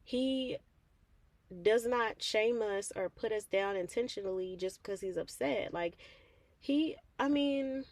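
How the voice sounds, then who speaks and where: A woman's voice: on the high side, a little slow, darkish tone, no room sound. Heartfelt woman sharing her faith. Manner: conversational and heartfelt, calls listeners "baby", acts out quoted prayers. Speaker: host of a faith reflection channel. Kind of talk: personal faith testimony, casual chat.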